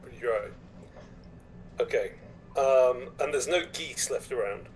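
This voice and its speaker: A man's voice: mid-range voice, unhurried, breathy edge, rough recording. A man playing in a tabletop role-playing game who thinks aloud with hesitant fillers. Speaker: player.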